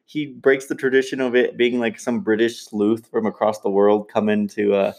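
Low gravelly man chatting about movies. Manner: animated, laughing, quick to jump in with his own take. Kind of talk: casual chat about a movie.

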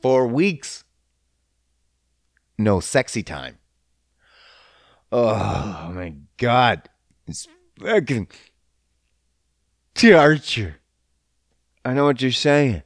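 A man hosting a podcast, talking in a crude, rambling, profane casual monologue, relaxed and smoking as he goes. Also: medium pitch, drawn-out words, long pauses, dry recording, clean studio sound. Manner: laid-back, smoking while talking.

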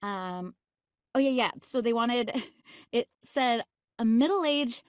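A woman's voice: a little high, animated, takes it slowly, clear, resonant tone, no echo. Woman, voice actress guest, bubbly, laughs often, filler words, dry close mic. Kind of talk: casual interview chat.

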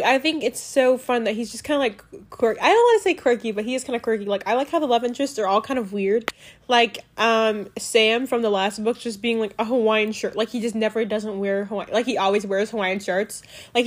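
A young woman chatting casually about a book she loved, rambling and excitable, full of "like" fillers, recorded on a home mic. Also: fairly high pitch. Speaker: book reviewer. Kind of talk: casual book review chat.

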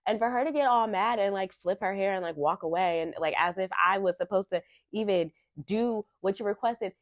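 A woman podcast host telling a casual story in an animated, chatty way, full of rhetorical asides. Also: medium pitch, fairly quick, no echo. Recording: dry, slightly muffled lo-fi recording.

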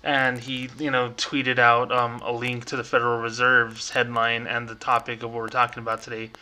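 A man's voice: medium pitch, completely flat delivery, normal speed, pushed and bright, slight background noise, rough recording. A young man hosting a casual solo podcast from a room at home, talking in a chatty, rambling way with many fillers. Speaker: podcast host.

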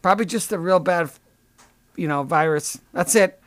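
A man's voice: sits high, moderate pace, no echo. A man hosting a comedy podcast, delivering a sarcastic, profane, rambling rant. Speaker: podcast host.

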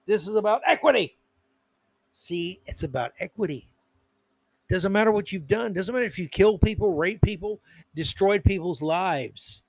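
A man's voice: high voice, normal speed, a little mellow, no echo. A man hosting a podcast, delivering an indignant political commentary monologue full of emphatic repetition. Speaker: podcast host.

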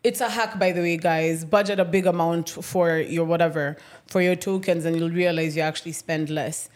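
A young woman with a Kenyan accent, a podcast co-host telling a story in casual chat, animated, swearing freely and slipping in Swahili. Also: lowish voice, normal speed.

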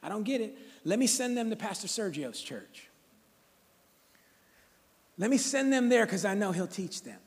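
A man's voice: high voice, big pitch swings, moderate pace, long pauses. A man voicing a weary, exasperated male God who mutters and sighs to himself, heard in a reverberant church hall.

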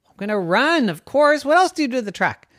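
A storyteller voicing a bold, stubborn little girl of almost six, in a high, chirpy, emphatic voice. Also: very animated, a little fast, fairly bright tone, no echo, clean studio sound. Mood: insistent.

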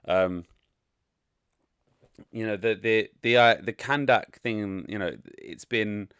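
A man's voice: lowish voice, slow, a bit bright, clear, resonant tone, no room sound, studio quality. A man giving a casual, frank and rambling spoken movie review, full of opinions. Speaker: film reviewer.

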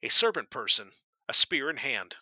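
A man's voice: mid-range voice, sing-song, moderate pace, pushed and bright, dry recording, rough recording. A man narrating a tabletop game as game master, describing scenes vividly and dramatically.

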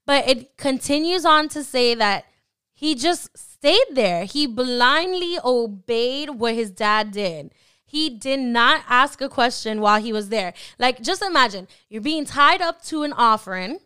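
A young adult woman hosting a podcast, talking casually about faith and acting out imagined thoughts in quick quoted asides. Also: a little high, animated, sharp tone, clean tone. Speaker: podcast host.

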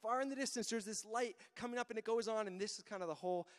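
Casting note: a man with a high voice, giving a relaxed conversational sermon with a long reverb tail, restarting phrases often. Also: fast. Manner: conversational, repeats words when starting a thought. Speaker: pastor. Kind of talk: casual sermon.

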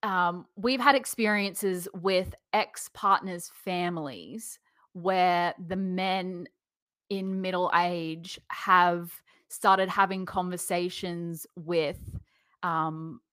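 Young woman podcast host, bright voice, dry close sound, chatty and animated. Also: fairly low pitch, slow pace, smooth, dry recording. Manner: lively storyteller, laughs through anecdotes. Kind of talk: casual chat.

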